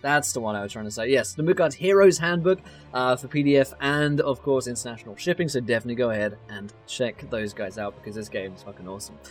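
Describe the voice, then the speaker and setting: A man's voice: mid-range voice, fast talker, faint music behind. A man hosting a tabletop game stream, reading sponsor notes in a chatty way, laughing often and tripping over his words. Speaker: host and player. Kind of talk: casual sponsor read on a live stream.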